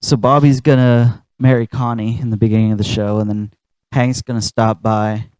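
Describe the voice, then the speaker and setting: A man co-hosting a casual comedy podcast, rambling through his pitch and laughing at his own jokes. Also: flat delivery, moderate pace, a little mellow, smooth, no echo, low-quality recording. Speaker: podcast co-host.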